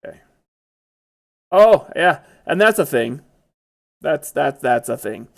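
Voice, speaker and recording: A man's voice: on the high side, very animated, slow pace, vocal fry. A man giving casual, chatty commentary over his own gameplay, blurting out exclamations when startled.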